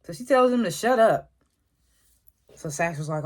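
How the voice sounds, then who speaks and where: A reviewer loosely retelling a TV episode in a casual recap, with many "like" fillers and frequent throat clearing. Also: mid-range voice, lively intonation, normal speed. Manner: loose storytelling, lots of "like" and "was like" retellings.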